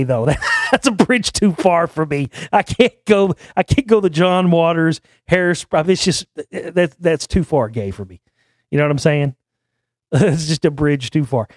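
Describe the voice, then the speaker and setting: A man's voice: on the high side, darkish tone, no echo, clean studio sound. A man in his forties hosting a show, talking in a rambling, blunt and profane casual monologue. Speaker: show host.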